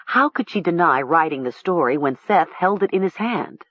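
A woman narrating a storybook in a measured, expressive way. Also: on the low side, breathy edge, no room sound. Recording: dull lo-fi recording.

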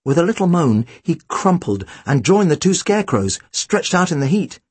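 A man's voice: a little high, very animated, normal speed, darkish tone, slightly rough, no room sound. A man reading a first-person storybook aloud with a dry, wry delivery. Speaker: audiobook narrator.

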